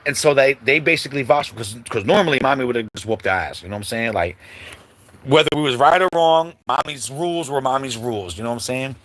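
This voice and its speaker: A man hosting a livestream, telling a childhood story in a casual, animated way and acting out the quotes, with many asides to the listeners. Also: medium pitch, fairly quick. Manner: animated storyteller, acts out quotes, many "you know what I'm saying" asides. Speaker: host. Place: livestream setup.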